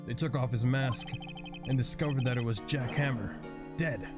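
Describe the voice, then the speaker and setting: A man voicing a big, timid, gentle male TV actor who speaks hesitantly and apologetically, with music playing behind. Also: medium pitch, normal speed, lightly acted. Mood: recounting.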